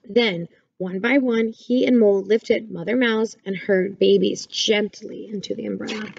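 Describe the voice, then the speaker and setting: A woman reading a children's picture book aloud in a gentle, clear storytelling manner. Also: mid-range voice, fairly even intonation, measured pace, dull audio.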